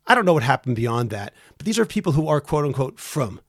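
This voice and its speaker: A man's voice: medium pitch, sing-song, fast talker, dry recording, studio quality. A man hosting a podcast, telling an anecdote in an earnest conversational way. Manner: earnest, storytelling with acted quotes. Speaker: podcast host. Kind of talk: conversational storytelling.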